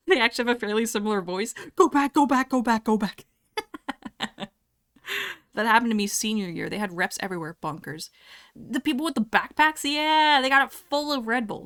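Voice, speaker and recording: Young woman streamer, casual chat, giggly and chatty, mid-pitched, desktop mic. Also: fairly bright tone.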